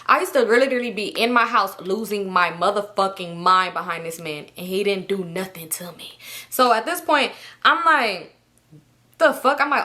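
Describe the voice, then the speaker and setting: Bright-voiced young woman telling a story. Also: medium pitch, moderate pace. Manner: animated, profane, acts out her own past texts and thoughts. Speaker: storytime vlogger. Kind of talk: casual storytelling to viewers.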